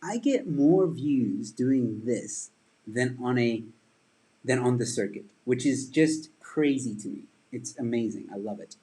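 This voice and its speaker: A man's voice: medium pitch, animated, a little slow, warm tone, slightly rough, low-quality recording. A man who does stand-up comedy, hosting a casual livestream and rambling while he answers viewer comments.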